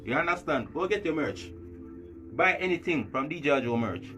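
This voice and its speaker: Chatty Jamaican host over music. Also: male voice, a little high, lively intonation, moderate pace. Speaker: channel host. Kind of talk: casual promo talk to camera.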